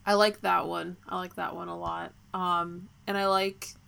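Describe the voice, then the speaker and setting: A woman in a casual chat, relaxed and agreeable, giving short reactions and opinions. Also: fairly low pitch, a little slow, gravelly.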